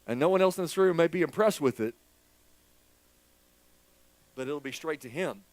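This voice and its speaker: A man preaches to his church in an open, confessional way, poking fun at himself as he goes. His voice sits a little on the high side. The sound is dry, with little room echo. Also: animated, normal speed, a little mellow. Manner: candid, joking and self-deprecating, talking to a congregation. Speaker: pastor. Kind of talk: sermon.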